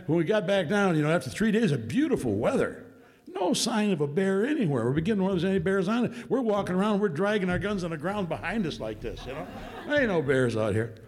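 A man telling a hunting story to a room in a relaxed, folksy way, chuckling as he goes. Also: fairly high pitch. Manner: folksy, drawling, laughs while telling. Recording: long hall reverb.

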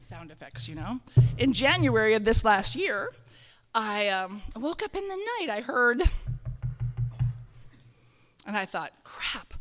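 A woman telling a personal story on stage, animated and acting out her own thoughts in quotes. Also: fairly high pitch, a little slow, pauses often, big-room sound.

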